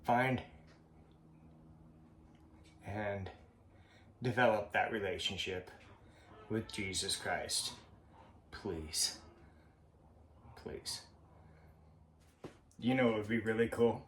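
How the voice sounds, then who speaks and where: A man vlogging in a slow, halting, heartfelt way, with a frequent cough. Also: fairly low pitch, a bit bright, slight background noise. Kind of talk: personal vlog monologue. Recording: roomy echo.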